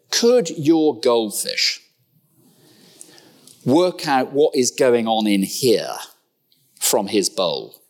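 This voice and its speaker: A middle-aged man preaching from the pulpit. His delivery is conversational and animated, full of rhetorical questions and dry, humorous asides. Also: on the low side. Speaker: pastor. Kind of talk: sermon.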